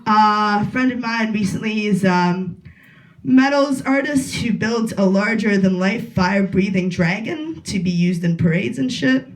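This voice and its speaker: A woman in her late twenties works through a stand-up set at an open mic, deadpan and rambling. She leans on uhs and ums between jokes. Her voice bounces around an echoey small room. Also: medium pitch, a little slow. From Russia. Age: 20s. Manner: deadpan, rambling with filler words. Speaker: stand-up comedian.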